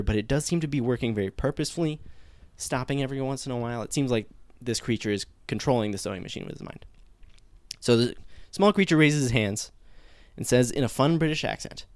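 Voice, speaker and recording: A man hosts a podcast and tells a comic mock-historical tale, keeping it deadpan. His voice is smooth and resonant, recorded dry and close, and small fillers slip in along the way. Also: mid-range voice, no room sound. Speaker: podcast host.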